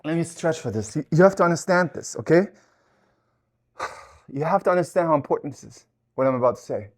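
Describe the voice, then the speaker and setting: A life coach delivers a fervent motivational talk between sets at the gym. The voice sits at a middle pitch, pushing hard on key points and swearing for emphasis. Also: lively intonation, brisk. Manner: talks while working out at the gym.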